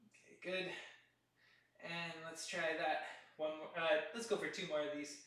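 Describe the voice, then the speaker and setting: A man leading a workout class as fitness instructor, counting reps and giving steady coaching cues, recorded from a distance in an echoey room. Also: fairly high pitch, measured pace.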